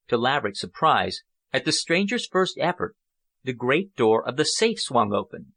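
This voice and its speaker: A man reading a novel aloud as an audiobook narrator, in a steady, measured manner. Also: medium pitch. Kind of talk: scripted narration.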